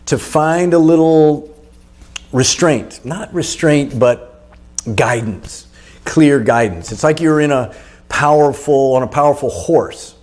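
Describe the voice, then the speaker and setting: A man's voice: mid-range voice, a little mellow. A middle-aged man teaching a guided anger exercise, coaching and urging the listener on.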